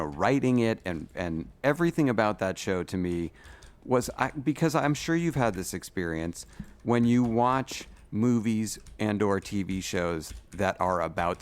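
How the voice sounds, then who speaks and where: A man with a lowish voice hosts a podcast interview, keeping the talk casual. He chats freely and drops in short agreeing remarks while his guest speaks. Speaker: podcast host.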